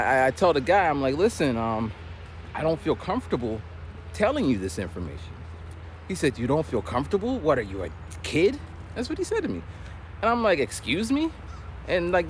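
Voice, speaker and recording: A man chatting casually as he walks outdoors, telling a rambling, animated story full of quoted dialogue. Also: medium pitch. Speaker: vlogger. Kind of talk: casual storytelling while walking. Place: outdoors on a street. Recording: faint street noise outdoors. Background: faint traffic noise.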